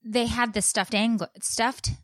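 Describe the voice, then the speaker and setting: A woman in her thirties co-hosting a chatty show, telling a story with lively acted-out bits. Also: fairly high pitch, slow, no room sound, clean studio sound. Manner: animated storyteller, acts out her own shouting. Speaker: podcast co-host. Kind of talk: casual chat, storytelling.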